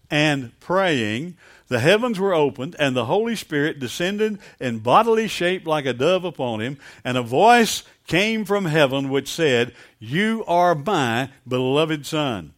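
A man's voice: fairly high pitch, a bit bright. A man preaching a sermon, calling on the congregation for amens and building to emphatic peaks. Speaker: pastor.

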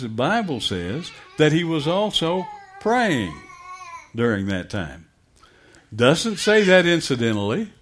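A man's voice: medium pitch, a bit bright. Emphatic preaching man. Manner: emphatic, asks the congregation questions. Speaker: pastor. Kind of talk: sermon.

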